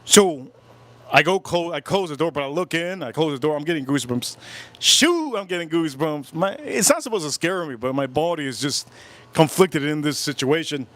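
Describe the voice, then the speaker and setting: Live host, male, slightly high voice, retelling a creepy experience in an animated, repetitive way. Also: moderate pace. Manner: animated, repetitive, keeps breaking off about goosebumps. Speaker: whiskey channel host. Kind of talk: casual livestream storytelling. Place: home, live stream.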